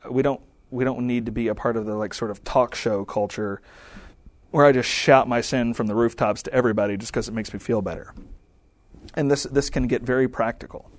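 A man preaching in an easy, conversational way, slipping into little acted-out prayers and remarks as he goes. His voice sits at an ordinary middle pitch. The sound is dry and close, with no room echo. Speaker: pastor. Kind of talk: sermon.

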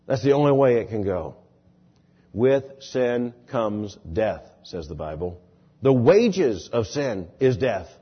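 Husky male preacher, lo-fi sermon. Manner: expressive, swings from low and soft to loud and emphatic.

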